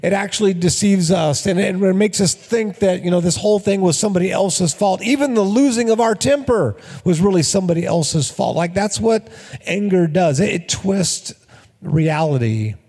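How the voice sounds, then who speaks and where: A man preaching to his congregation with a high, bright-pitched voice. He tells stories with energy and acts out the quoted lines. His voice rings with the long reverb of a large hall. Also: moderate pace. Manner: energetic storytelling with acted-out quotes. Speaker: pastor. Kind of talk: sermon.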